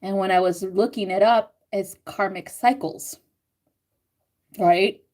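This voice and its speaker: A young woman reading out live chat comments on a stream, chatting casually with frequent swearing, laughter and animated self-quotes. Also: medium pitch, takes it slowly. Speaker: astrology and tarot reader reading live chat.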